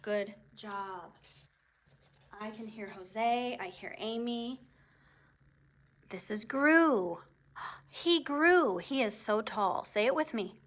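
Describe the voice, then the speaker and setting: A woman teaching a classroom phonics lesson in an unhurried, carefully enunciated way. Her voice sits a little high, and she leads the class through sounds with steady, encouraging prompts. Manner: slow, clearly enunciated, encouraging teacher talk.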